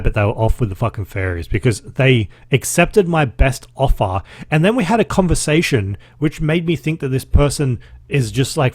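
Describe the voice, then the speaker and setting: A man's voice: mid-range voice, no echo, studio quality. An Australian man in his thirties hosting a casual solo podcast, chatty and swearing freely as he recaps his week. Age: 30s. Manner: chatty and profane, with laughs. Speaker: podcast host.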